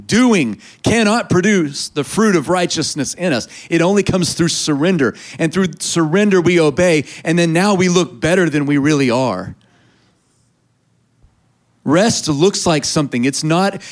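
A man preaching a sermon, reading scripture aloud and urging the congregation to respond. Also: high voice. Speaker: pastor.

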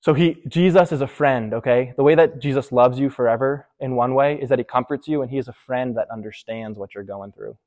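A man's voice: medium pitch, a little fast, few pauses, a little mellow. A man preaching a casual youth sermon, talking straight to his listeners as "you guys" and checking in with "okay?" after nearly every point. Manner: conversational, keeps checking in with "okay?".

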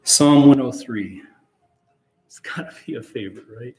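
A man's voice: mid-range voice, moderate pace, a little mellow. A man preaching a sermon earnestly and with emphasis, reading passages aloud. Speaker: pastor. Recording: echoey hall with long reverb.

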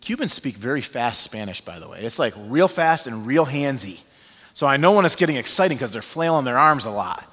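Male pastor, mid-pitched, chatty sermon storyteller with fillers; long hall reverb. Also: a little fast, breathy edge. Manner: animated storyteller with frequent fillers.

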